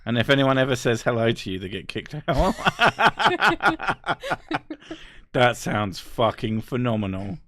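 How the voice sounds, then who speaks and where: A man's voice: medium pitch, sing-song, takes it slowly, pauses often, a bit bright. A young man streaming and reading out chat, swearing often and laughing as he talks. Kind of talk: casual live-stream chat.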